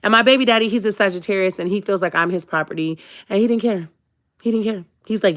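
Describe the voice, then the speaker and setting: A woman's voice: medium pitch, quick pace. A young woman, telling her story casually on a livestream, chatty and joking with her viewers. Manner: chatty, joking asides to viewers, frequent laughs. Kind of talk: casual storytelling to a live chat.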